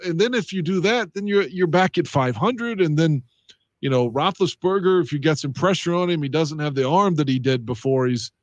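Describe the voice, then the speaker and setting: A man's voice: on the high side, animated, moderate pace, dry recording, highs cut off. A man co-hosting a casual sports podcast, talking through games in a wry, conversational way. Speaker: podcast co-host.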